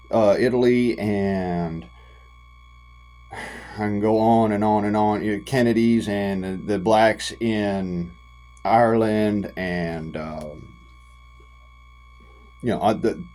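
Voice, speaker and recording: Speaking directly to camera, this US vlogger launches into a heated, folksy tirade full of profanity and long, stretched-out emphatic phrases. He has a lowish, dark-toned voice captured on a low-quality recording.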